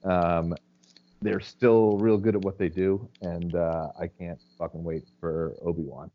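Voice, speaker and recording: A man's voice: deep voice, steady tone, measured pace, dry recording, lo-fi sound. A man co-hosting a podcast in casual chat, blunt and swearing, recorded over a call. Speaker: podcast co-host.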